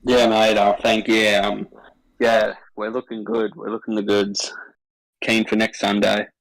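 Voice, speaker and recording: Laid-back low-voiced racing driver. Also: male voice, monotone, a little slow, gravelly, no room sound, rough recording. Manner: laid-back, short casual answers. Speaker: winning sim racing driver. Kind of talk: casual post-race interview.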